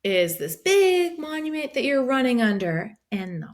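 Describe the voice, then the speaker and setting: Animated woman telling a story. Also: sits high, normal speed. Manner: animated, swears freely, acts out her own quotes. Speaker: podcast guest. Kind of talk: casual storytelling.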